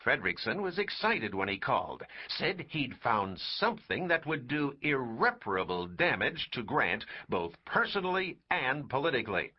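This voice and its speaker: A man's voice: mid-range voice, very animated, normal speed, hardly any pauses, dull audio. A man voicing an impatient, peremptory big-city newspaper editor. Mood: curt impatient. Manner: peremptory, brusque.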